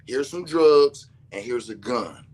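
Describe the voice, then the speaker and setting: Laughing, animated storytelling dad. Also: male voice, medium pitch, slow. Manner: animated, laughing through his words, swearing freely. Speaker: father telling a story. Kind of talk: casual storytelling to camera.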